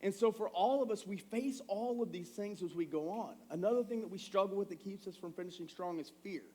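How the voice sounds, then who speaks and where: A man in his thirties preaching a sermon in a church, telling family stories in a conversational, animated way. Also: high voice, fairly quick. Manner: conversational, animated storytelling with acted quotes. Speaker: pastor. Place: church sanctuary.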